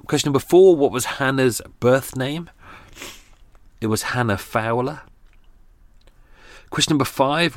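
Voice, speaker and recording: A man's voice: on the low side, no room sound. Chatty man hosting a podcast. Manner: chatty, rambling, with asides and laughs. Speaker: podcast host. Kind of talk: casual true-crime podcast wrap-up.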